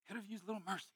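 Man, pastor, sermon, bright voice, dry close sound, animated exclamatory delivery. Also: sits high, husky, no room sound. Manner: animated, exclamatory storytelling with sudden loud outbursts.

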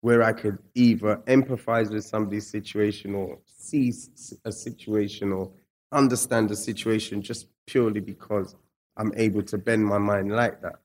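A man with a fairly low voice talks through his story in a relaxed, slangy way. He turns reflective when drawing lessons from it, then livens up when he acts out scenes. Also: moderate pace. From England. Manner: slangy, reflective, animated when retelling stories. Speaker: guest. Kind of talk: casual storytelling interview.

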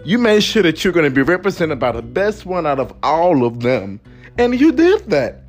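A man's voice: a little high, animated, fairly quick. A man from the United States hosting a motivational podcast monologue, emphatic and repetitive, over faint background music. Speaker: podcast host.

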